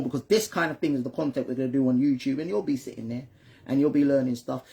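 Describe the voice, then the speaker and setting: In a mellow, slightly rough mid-range voice, a father who hosts the channel shares football history with his son over a casual conversation. He regularly checks in with "right?" or "you understand me?", and he repeats and restarts words when he stumbles.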